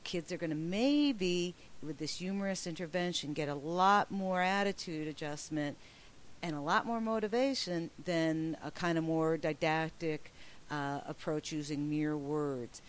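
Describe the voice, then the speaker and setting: A woman's voice: sits low, a little slow. A woman presenting a teacher training webinar, upbeat and emphatic as she walks through slides. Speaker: professional development trainer.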